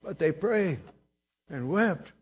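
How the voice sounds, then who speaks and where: A man's voice: a little high, animated, slow pace, husky, dull audio. A man preaching a sermon, telling his own testimony in an earnest, emotional way with chuckles between lines.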